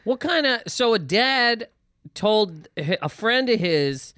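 High, lively man riffing crude jokes. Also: dry recording, clean studio sound. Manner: crude, riffing, quick jokey interjections. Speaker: comedian guest. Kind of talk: casual comedy podcast chat.

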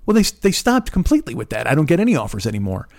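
A man in his fifties hosting a podcast, rambling in a casual, profane monologue with sarcastic asides and a smooth voice. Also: a little high, wildly swooping pitch, rapid-fire, darkish tone. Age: 50s. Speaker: podcast host.

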